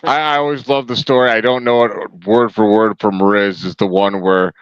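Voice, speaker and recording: A male podcast host adds short, agreeable remarks in a smooth, clear voice. The sound is dry and close, with a dull, lo-fi edge. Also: on the low side, steady tone, moderate pace, no echo. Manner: brief, agreeable interjections. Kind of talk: casual interview chat.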